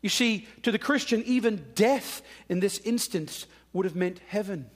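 High-voiced pastor preaching. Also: male voice, expressive, normal speed. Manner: conversational preaching with dramatic quoted voices. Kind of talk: sermon.

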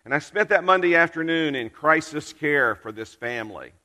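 A man preaching a sermon from a church pulpit, telling a personal story in an earnest, unhurried way with dramatic pauses. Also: a little high, expressive, sharp tone, big-room sound. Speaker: pastor.

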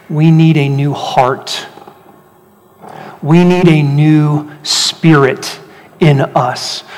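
Animated preaching man, high voice, hall reverb. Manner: animated, shifts between loud rhetorical questions and hushed emphasis. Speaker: pastor. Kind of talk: sermon. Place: church hall.

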